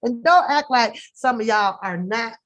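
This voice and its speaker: Loud, laughing woman telling a story. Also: a little high, animated, unhurried. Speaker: host of a live panel talk show. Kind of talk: casual live-stream storytelling.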